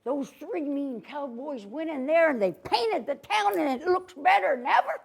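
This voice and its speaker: A woman's voice: sits high, lively intonation, moderate pace, vocal fry. A woman voicing a mean outlaw gang boss who hoards chocolate and barks orders in a blustering way. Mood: indignant. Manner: blustering, demanding, barking orders.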